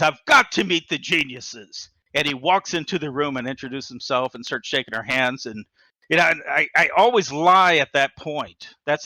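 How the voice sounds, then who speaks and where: Lively, bright-voiced man telling a story. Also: fairly high pitch, dry recording. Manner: lively, excitable, with frequent fillers and restarts. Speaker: guest. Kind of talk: animated personal storytelling.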